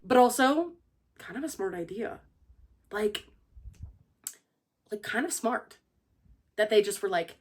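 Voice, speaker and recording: Speaking at medium pitch and a moderate pace, pausing often, a young woman gushes through a casual book review full of spoilers. She voices the characters' lines herself and says "like" constantly.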